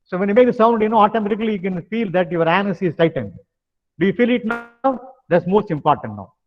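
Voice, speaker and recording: An older man with a Tamil accent leading a stress management lecture, tagging phrases with "now" and pausing on hesitant fillers. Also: high-pitched, lively intonation, faint music behind. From India. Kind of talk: lecture with guided exercises. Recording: dull sound with long hall reverb.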